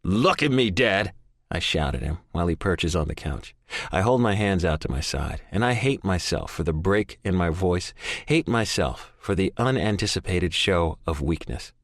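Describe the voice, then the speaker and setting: Male audiobook narrator, deep and dry, brooding first-person read with raw intensity. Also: expressive, moderate pace, dry recording. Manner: intense, brooding, profane inner monologue.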